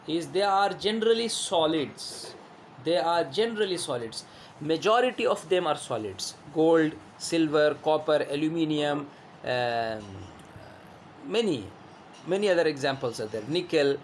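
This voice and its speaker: A man's voice: a little high, a little hiss or hum. Man teaching a lesson, repetitive. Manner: repeats himself, asks rhetorical questions; shows objects on camera while explaining. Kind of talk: classroom lesson.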